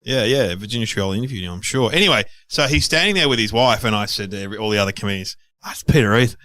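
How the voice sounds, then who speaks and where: A man's voice: lowish voice, very fast, no room sound. Australian man telling stories animatedly. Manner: storytelling, animated impressions of others. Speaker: podcast co-host, comedian. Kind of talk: casual chat.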